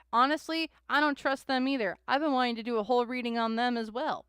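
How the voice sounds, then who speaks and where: A woman's voice: sits high, fast, few pauses, fairly bright tone, clear, resonant tone, no room sound, clean studio sound. A young adult woman hosting a live tarot stream, chatting with viewers in a rambling way and often laughing and sighing between thoughts.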